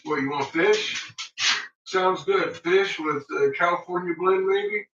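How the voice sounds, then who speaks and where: A man's voice: sits high, slow. A man vlogging casually at home in his kitchen, rambling, joking and talking to his pets. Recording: dull, noisy home recording.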